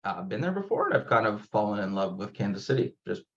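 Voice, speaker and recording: A man's voice: lowish voice, sing-song, fast, fairly bright tone, dull audio. A man from Canada, a guest speaker chatting in an easygoing way with some hesitant fillers. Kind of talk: casual conversation.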